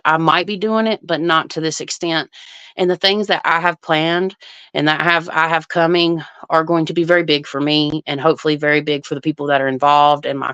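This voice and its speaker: A woman's voice: low voice, fairly bright tone, clear, resonant tone, no echo. A woman hosting an astrology livestream, chatting casually and thinking aloud while she answers viewer comments.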